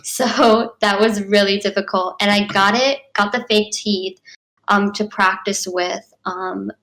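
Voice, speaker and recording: A young actress answering interview questions in a bubbly, chatty way, full of "like" and "um" and quick laughs. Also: female voice, mid-range voice, flat delivery, fairly bright tone, low-quality recording. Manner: bubbly, frequent 'like' and 'um', laughs often. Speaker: actress guest. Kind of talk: casual interview.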